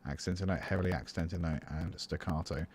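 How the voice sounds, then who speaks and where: A man's voice: deep voice, steady tone, normal speed, darkish tone, breathy edge. A British man, a music teacher, chatting casually through a live-streamed composition tutorial and answering viewers as he works. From United Kingdom. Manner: chatty, thinks aloud, answers chat between steps.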